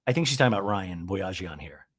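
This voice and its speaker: A man hosting a podcast, recapping a reality show in an animated, gossipy way. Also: sits low, fast talker. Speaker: podcast host. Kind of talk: recap commentary.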